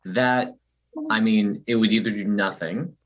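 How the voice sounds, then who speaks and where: A man talking casually as a tabletop game player, thoughtful and measured. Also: lowish voice, fairly even intonation, fairly bright tone. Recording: muffled lo-fi mic.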